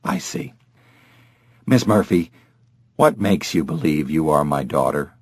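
A man's voice: extremely low pitch, big pitch swings, unhurried, breathy edge, no room sound, studio quality, pitched below the performer's own voice, full character voice. A man doing a guarded, reserved middle-aged doctor. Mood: guarded measured.

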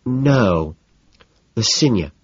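A man's voice: lowish voice, expressive, slightly rough, no room sound, dull audio, pitched above the performer's own voice, exaggerated voice. A man reading an audiobook voices a chatty, exasperated wealthy young woman who scolds and gossips. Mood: gossiping. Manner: gossipy, scolding, quick to dismiss.

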